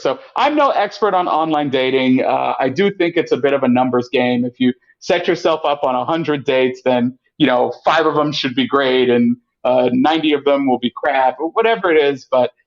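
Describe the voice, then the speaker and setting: A man guest on a podcast, chatting casually and acting out quotes in lively voices. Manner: animated, acts out quotes with pitch jumps. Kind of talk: casual storytelling chat. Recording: muffled lo-fi audio.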